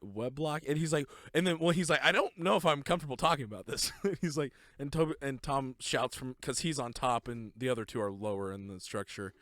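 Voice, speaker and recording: A man's voice: mid-range voice, brisk, hardly any pauses, a bit bright, no echo, clean studio sound. A young man co-hosting a podcast, eagerly retelling movie scenes and laughing as he goes. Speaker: podcast co-host. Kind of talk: casual movie review chat.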